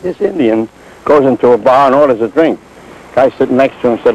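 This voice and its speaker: A man tells a joke with a brisk, anecdotal delivery in a mid-range voice. Faint street noise and passing cars sit behind him. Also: medium pitch, a little mellow, low-quality recording. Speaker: joke teller. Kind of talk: telling a joke.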